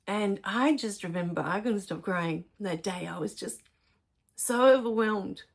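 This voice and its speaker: Middle-aged woman, gentle spiritual teacher, soft and emotional delivery with frequent fillers. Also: mid-range voice, measured pace, creaky. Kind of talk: personal spiritual storytelling.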